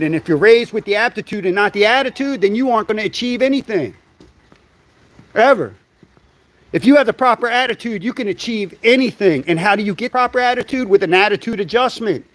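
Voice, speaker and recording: A middle-aged man holds forth alone on a livestream in a fairly high voice. He talks bluntly and swears freely as he tells stories. The sound is dry and close, with no room echo. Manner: blunt and profane, storytelling with acted quotes. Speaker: livestream host. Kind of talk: opinionated monologue.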